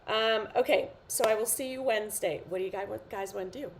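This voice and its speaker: A chatty, encouraging female fitness instructor counts reps on a live stream, sounding sleepy and yawning. Her voice is mid-range and brisk. The echoey room, distant mic, and faint background noise color the recording.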